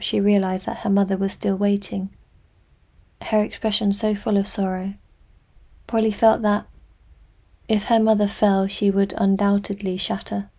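A woman reading a novel aloud in measured, scripted narration. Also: medium pitch, mellow. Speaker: audiobook narrator.

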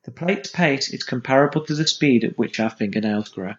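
A man presenting a school broadcast in a measured, explanatory way. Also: medium pitch. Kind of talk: scripted presenting. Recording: dull lo-fi sound.

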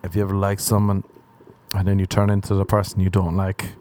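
Male podcast host, young, low mellow voice, crude rambling self-deprecating comic monologue. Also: monotone, brisk, a little hiss or hum. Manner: crude, rambling, self-mocking, laughs at own jokes. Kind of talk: solo comedic podcast rant.

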